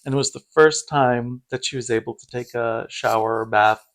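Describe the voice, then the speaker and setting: A middle-aged American man sits down as a guest and talks openly about family and loss. His pitch sits in an ordinary middle range, and he rambles candidly, peppering his speech with fillers and small laughs. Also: steady tone, normal speed. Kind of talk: casual conversation about grief.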